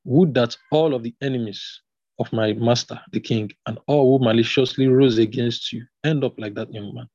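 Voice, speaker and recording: A man reading the lines of a male runner reporting a victory to the king, in a husky voice. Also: mid-range voice, steady tone, normal speed, a little mellow, no echo, highs cut off, close to an everyday voice. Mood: eager. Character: eager male runner bringing battle news.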